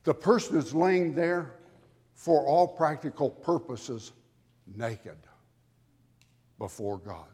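A man preaching a sermon to a congregation with dramatic emphasis, building to loud peaks on key words. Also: a little high, slightly rough. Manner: dramatic, slow emphatic delivery with swelling loudness. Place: church sanctuary. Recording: long hall reverb from a church. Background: congregation audience.

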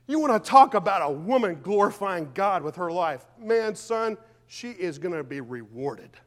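High-voiced, fervent male preacher. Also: big pitch swings, moderate pace, in a large hall. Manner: fervent, emphatic preaching with rhetorical questions; swings between loud declarations and quiet, low asides. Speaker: pastor. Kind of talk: sermon.

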